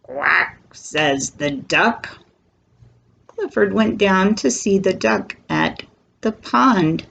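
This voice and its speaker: A woman reads a picture book aloud to toddlers, taking it very slowly. Her voice swoops up and down in a sing-song way, with a little gravelly fry at the ends of phrases. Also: medium pitch, a little hiss or hum. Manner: slow, sing-song and animated for small children. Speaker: children's storyteller.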